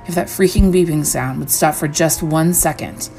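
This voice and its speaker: A woman reading a first-person horror story aloud, measured and slowing down on the eerie lines. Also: low voice, gravelly, warm tone, soft background music. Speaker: story reader.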